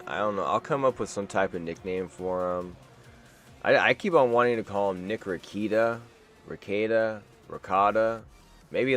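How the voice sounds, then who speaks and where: A man's voice: low-pitched, fairly bright tone. A man hosting a live stream, reacting to news in a rambling, wisecracking way and swearing freely. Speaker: streamer host.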